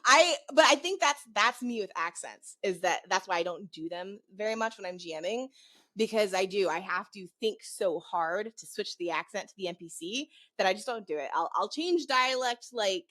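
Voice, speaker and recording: A woman co-hosting a podcast who talks in a casual chat style, often laughing. She speaks in quick bursts. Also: mid-range voice, lively intonation, bright, forceful tone. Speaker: podcast co-host and game master.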